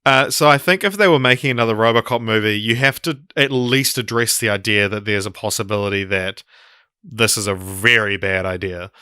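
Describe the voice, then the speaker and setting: A man's voice: lowish voice, a little fast, sharp tone, clean tone, no room sound, clean studio sound. A man co-hosting a casual film podcast, rambling through ideas with many ums and restarts. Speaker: podcast co-host.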